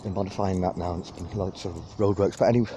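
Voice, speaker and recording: A vlogger leads a casual park walking tour, rambling and poking fun at himself as he films outdoors on a handheld phone. He speaks quickly in a deep, mellow voice with fairly even intonation, over wind and birdsong.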